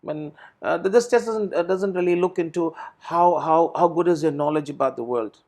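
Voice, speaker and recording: Middle-aged guy, ielts trainer, explains slow and step by step, lots of repeats. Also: a little high, darkish tone. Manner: explanatory, repeats words and restarts often. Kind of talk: teaching in a recorded Q&A session.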